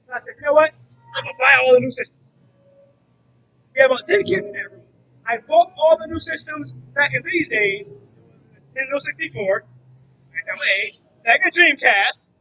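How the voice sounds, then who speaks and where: A man's voice: very high-pitched, bright, forceful tone, dull audio. A man, a former drug trafficker turned youth mentor, telling his personal testimony to a church audience and acting out the dialogue as he goes. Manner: earnest storytelling that acts out dialogue.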